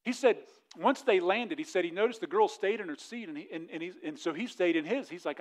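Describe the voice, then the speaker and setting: Young male pastor, slightly high voice, fervent sermon delivery with loud peaks and quiet prayer. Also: quick pace. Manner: builds to loud impassioned preaching, then drops to a soft prayerful close.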